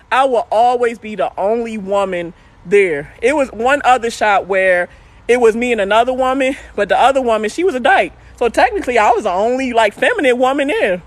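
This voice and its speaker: A woman's voice: on the high side, a bit bright. A woman with a Baltimore accent, a truck driver chatting animatedly on a live stream, laughing often and swearing while she reads viewer comments.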